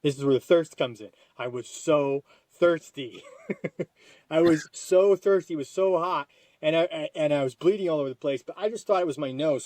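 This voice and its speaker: A man on a podcast tells a rambling personal story, restarting sentences and leaping up in pitch when he gets excited. His voice sits a bit high for a man. The sound is dry and close, with no room echo. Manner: animated, jumps to high excited quoted lines; frequent restarts and repetitions. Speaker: podcast guest. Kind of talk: casual storytelling.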